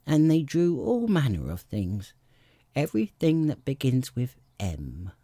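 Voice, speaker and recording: Man voicing the Dormouse, hoarse and drowsy. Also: medium pitch, wildly swooping pitch, warm tone, no room sound, clean studio sound, pitched above the performer's own voice. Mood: drowsy sulky. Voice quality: hoarse, feeble. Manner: slow, drowsy, indignant. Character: sleepy, sulky little male dormouse.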